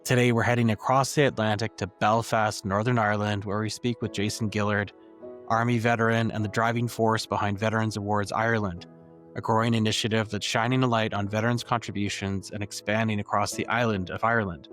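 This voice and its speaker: A man's voice: on the low side, level tone, fairly quick, a bit bright, soft background music. A man hosting a podcast, reading a polished, upbeat introduction and asking his guest questions. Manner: upbeat, polished presenter delivery. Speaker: podcast host. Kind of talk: scripted intro and interview questions.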